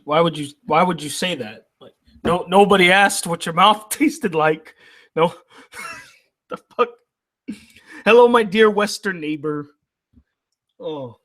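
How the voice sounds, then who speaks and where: A man's voice: on the high side, a bit bright. Casual profane man reading stream chat. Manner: reads chat aloud, loose and profane. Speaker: anime reviewer reading live chat.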